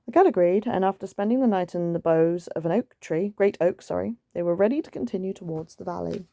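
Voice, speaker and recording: A woman reading a picture book aloud in a gentle, soothing way, with chatty asides. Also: on the low side, fairly quick, gravelly, no echo, clean studio sound. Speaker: storytime reader.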